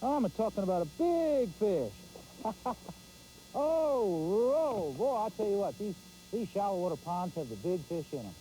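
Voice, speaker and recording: A man calls out his fishing action live from a boat, folksy and excitable. His voice is dark and mellow yet swings widely in pitch, with faint outdoor noise around him. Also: low-quality recording. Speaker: fishing show host.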